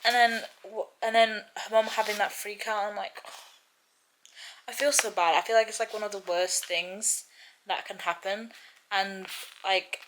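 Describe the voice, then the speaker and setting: A woman's voice: mid-range voice, steady tone, a little slow, background noise. A young woman talking casually to her camera in a reading vlog. She rambles in a chatty way and gets emotional about the book. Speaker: book vlogger.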